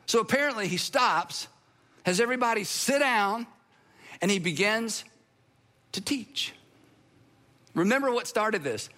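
Bright, high-voiced male pastor preaching. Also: measured pace, long pauses. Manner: conversational, animated, acts out quoted voices. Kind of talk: sermon.

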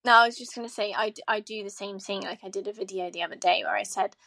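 A woman's voice: mid-range voice, fairly even intonation, quick pace, creaky, bright, forceful tone. A woman guest on a casual podcast, a sex educator speaking frankly and earnestly, with some hesitant restarts.

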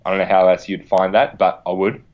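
A man's voice: sits low, steady tone, a little fast. A man, a podcast guest chatting casually with lots of energy, swearing freely and repeating words. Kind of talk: casual interview chat. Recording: echoey, muffled sound.

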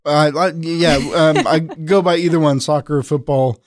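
A man's voice: a little high, fairly even intonation, normal speed, no room sound, studio quality. A man, a reporter and podcast host, talking as a guest in casual chat, with many restarts and fillers.

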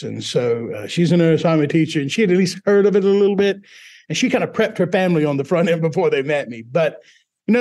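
Husky man with British-sounding accent. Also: fairly high pitch. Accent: British-sounding accent from foreign accent syndrome. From Mississippi, US South. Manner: animated storyteller, acts out quoted voices. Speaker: guest. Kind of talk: conversational interview storytelling.

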